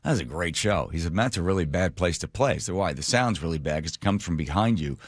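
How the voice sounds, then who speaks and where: A middle-aged man hosting a radio show, telling a story in a casual, animated, self-mocking way. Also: low voice, fast, dry recording, studio quality. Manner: animated, self-mocking, laughs at his own stories. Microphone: studio microphone.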